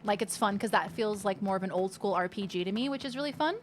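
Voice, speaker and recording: A chatty woman streamer talks through her game in a mid-pitched voice, swinging from easy banter to loud, swearing outbursts. Soft game music plays faintly under her. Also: quick pace. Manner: chatty, animated, swears freely. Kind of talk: casual gaming commentary.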